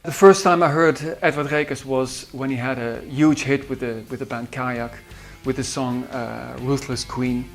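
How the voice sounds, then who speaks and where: A man with a Dutch accent, a musician recalling studio sessions in a halting way with many fillers. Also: mid-range voice, steady tone, soft background music. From Netherlands. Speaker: musician and producer. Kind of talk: behind-the-scenes recollection.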